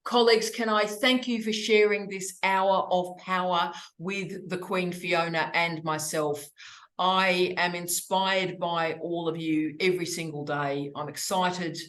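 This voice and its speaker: An Australian woman hosting a university information session, talking in an effusive, affectionate, energetic way. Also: on the low side, a little slow, reverberant. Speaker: university graduate studies host.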